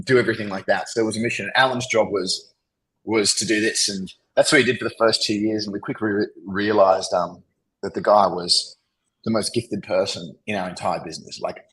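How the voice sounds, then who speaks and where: A low-voiced Australian man telling a long story as a podcast guest. He rambles through his anecdotes, padding nearly every phrase with "you know" and "like". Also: a bit bright, low-quality recording. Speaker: podcast guest, agency founder. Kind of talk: casual interview storytelling.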